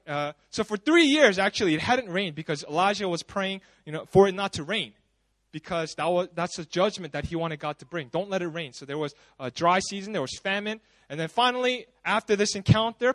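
Preaching at a church service, this pastor tells stories casually and with animation, dropping in frequent chatty asides. For a man his voice is very high, he speaks a bit fast, and the recording is dry and close-miked.

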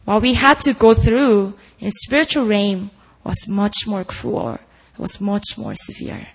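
A woman's voice: mid-range voice, measured pace, gravelly, rough recording. A woman preaching a sermon at a prayer meeting, earnest and full of rhetorical questions put to the listeners.

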